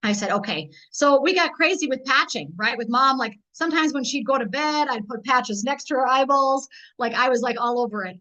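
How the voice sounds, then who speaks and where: A middle-aged woman giving an energetic, rallying business training talk as a network marketing team leader, telling stories quickly. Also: high voice. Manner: energetic, rallying, rapid storytelling. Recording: dull lo-fi recording.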